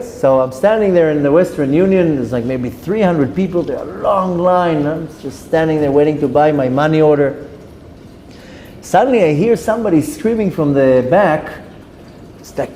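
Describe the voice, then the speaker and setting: A rabbi tells stories in a lecture and acts out every voice in the dialogue. His tone is mellow and sits slightly high for a man. The sound rings through a long reverberant hall with a faint hiss behind it. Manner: lively anecdotes, acts out dialogue. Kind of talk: storytelling Torah lecture.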